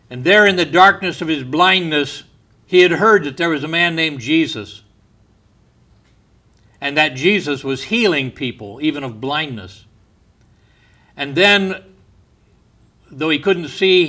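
A man preaching a sermon in a slow, deliberate way, going soft and quiet on quoted words. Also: fairly high pitch.

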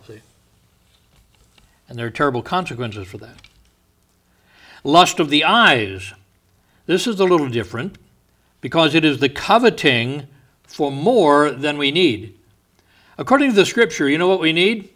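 A male pastor preaching a sermon in church, talking with asides and chuckles, slowing down to stress the scripture he reads. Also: fairly high pitch, very animated, a bit bright.

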